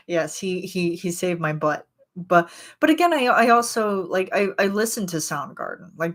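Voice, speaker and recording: Rambly woman streamer in her 30s, kinda low voice, giggles a lot, talking to chat. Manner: rambling, giggly, animated retelling. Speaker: streamer chatting with viewers. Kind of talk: casual chat.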